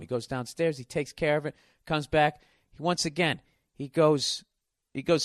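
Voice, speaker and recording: A man's voice: on the high side, steady tone, a little fast, no room sound, clean studio sound. A man in his forties telling stories in a casual, profane, rambling monologue as a podcast host. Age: 40s.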